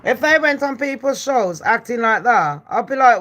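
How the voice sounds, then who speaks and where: A woman's voice: on the high side, lively intonation, moderate pace, hardly any pauses, fairly bright tone. A woman, hosting a live stream and ranting, swearing and squaring up to commenters between true-crime chat. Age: 40s. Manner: foul-mouthed, confrontational, ranting at chat. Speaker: livestream host.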